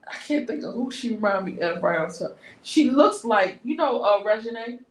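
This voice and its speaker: A woman casually telling a story on a talk stream, lively and slangy. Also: on the high side, brisk, roomy sound, a little hiss or hum, rough recording. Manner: lively, animated retelling with slangy asides.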